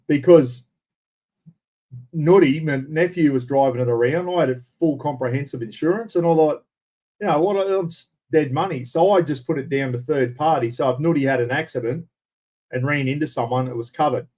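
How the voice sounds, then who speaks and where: A man's voice: medium pitch, fairly quick, dark tone. An Australian man hosting a casual livestream, answering viewers in a blunt, rambling way with casual swearing. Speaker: livestream host.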